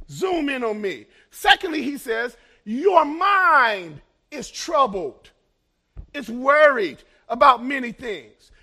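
A middle-aged male pastor preaching a sermon, building to fervent shouts and repeating his phrases in a rhythmic cadence. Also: very high voice, creaky.

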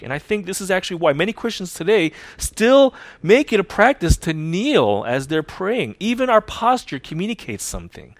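A man, a pastor, preaching a sermon emphatically, repeating key lines and swinging between loud declarations and hushed, slow phrases. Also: high voice, very animated, no echo.

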